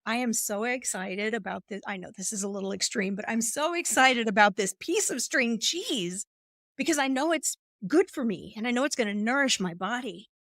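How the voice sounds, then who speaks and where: Slightly high and fairly bright, this woman's voice is expressive and moves at a normal speed. She's a coach appearing as a guest in a podcast interview, explaining ideas with feeling and dramatizing inner voices, recorded in studio quality with no room sound.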